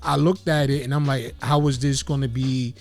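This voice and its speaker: A man's voice: mid-range voice, steady tone, moderate pace, a little mellow. A man hosting a casual interview show who talks in an earnest, reflective way and keeps leaning on "you know". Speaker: host.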